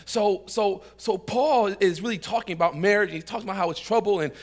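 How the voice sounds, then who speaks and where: High-voiced male preacher calling out to his flock. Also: brisk. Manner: calls out to the congregation for responses; lively, joking storyteller. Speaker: pastor. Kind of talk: sermon. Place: church.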